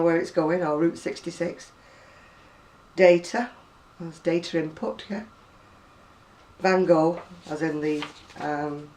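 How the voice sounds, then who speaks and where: A woman in her sixties with a softened Lancashire accent from the Oldham area, chatting in a rambling way with many asides and reading out words one by one. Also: deep voice. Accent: Lancashire, Oldham area, softened by years near Manchester. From Lancashire, England. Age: 60s. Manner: rambling and conversational, with asides and self-corrections. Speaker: home video blogger. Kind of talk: chatty video reply, reading a word list aloud. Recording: voice a little distant from the mic.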